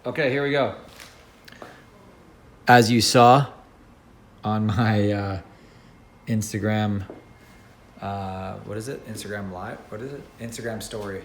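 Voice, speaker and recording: A man's voice: lowish voice, measured pace, long pauses. A man talking casually to the camera as a vlogger and videographer, easygoing, rambling and joking as he goes. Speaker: vlogger and videographer business owner. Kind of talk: casual vlog talk to camera. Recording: roomy with faint background ambience.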